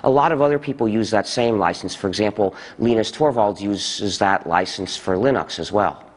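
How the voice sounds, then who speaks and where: A man with a lowish voice explains at length in a documentary interview. He speaks deliberately and steadily, and his pitch leaps upward whenever he stresses a point. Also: in a large hall. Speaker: interviewee, software movement founder.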